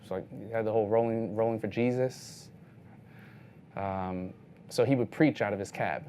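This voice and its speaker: A man with a lowish voice shares street photography stories in an easygoing, rambling way. His speech is packed with "like", and he acts out the people he meets. There is a faint hiss behind him. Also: fairly even intonation, moderate pace, dark tone. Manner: loose storytelling, heavy use of "like", acts out other people's lines. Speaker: street photographer giving a talk. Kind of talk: casual anecdotal presentation.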